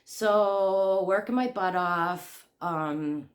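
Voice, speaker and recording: A woman hosting a crochet channel, telling a story in a rambling, animated way with lots of fillers and restarts. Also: medium pitch, very slow. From Canada. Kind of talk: casual storytelling vlog. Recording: echoey room.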